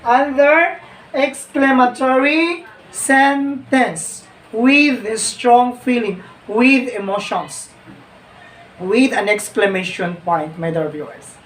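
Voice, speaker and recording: A woman teacher giving an online grammar lesson. She repeats phrases and keeps calling out to her viewers. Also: a little high. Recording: echoey room, distant mic, faint noise.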